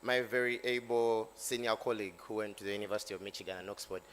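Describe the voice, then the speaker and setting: A man's voice: fairly low pitch, fairly even intonation, fast talker, fairly bright tone. A man co-hosting, introducing the next speaker with some hesitation. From Uganda. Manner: hesitant, with fillers. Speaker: event co-host.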